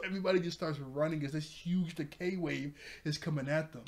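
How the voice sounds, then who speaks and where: A man's voice: a little high, a little fast, few pauses, a little mellow. Rambling, laughing man recapping an anime. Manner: rambling, laughs often, self-corrects. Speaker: anime reviewer. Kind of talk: casual recap. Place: room with a TV.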